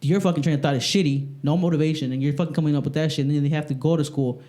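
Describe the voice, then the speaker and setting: A man chatting casually on a podcast, telling animated, profanity-laced stories about greeting kids at the school where he works. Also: on the high side, very fast. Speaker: podcast co-host; school staff working with kids. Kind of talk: casual chat.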